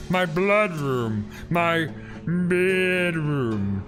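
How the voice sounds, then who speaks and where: Guy putting on a lispy creepy innkeeper, high-ish voice, weird stress on words, game music low behind. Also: expressive, unhurried, fairly bright tone. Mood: creepy cheerful. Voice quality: exaggerated lisp. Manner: odd word stress, cheerfully sinister. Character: creepy lisping male innkeeper, butcher family. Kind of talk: reading game dialogue aloud.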